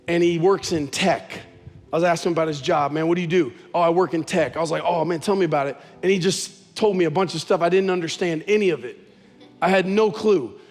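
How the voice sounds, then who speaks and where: A man's voice: fairly high pitch, brisk, in a large hall. A man preaching a sermon as pastor, talking conversationally and telling stories with animation.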